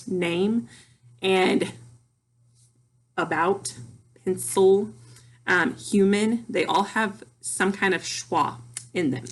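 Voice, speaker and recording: A woman teaching a phonics lesson to young children, speaking patiently and deliberately as she sounds out words and syllables. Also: mid-range voice, husky.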